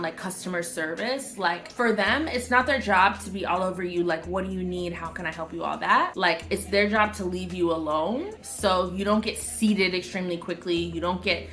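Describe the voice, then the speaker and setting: A young woman talks straight to her camera in a loose, chatty vlog style. Her voice is bright and forward, loud with playful asides. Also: lowish voice, normal speed, few pauses. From United States. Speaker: travel vlogger. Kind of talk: casual vlog chat.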